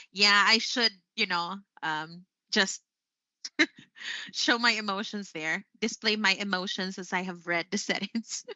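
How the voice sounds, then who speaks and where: A woman teaching an English lesson on a live stream. She speaks slowly and expressively, laughing often. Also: mid-range voice, dry recording. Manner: slow, expressive delivery with frequent laughs. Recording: slightly muffled stream audio.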